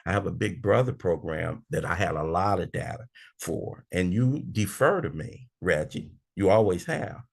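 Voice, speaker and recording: Gravelly older man leading a big book study. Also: low-pitched. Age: 60s. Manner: preacherly, acting out his own arguments. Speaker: recovery meeting speaker.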